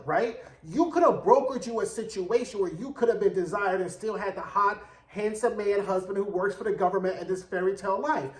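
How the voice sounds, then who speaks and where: A man giving a sassy, chatty recap of a TV episode, acting out the characters' lines in quick bursts. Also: high-pitched, roomy sound. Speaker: TV show reviewer. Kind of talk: casual recap commentary.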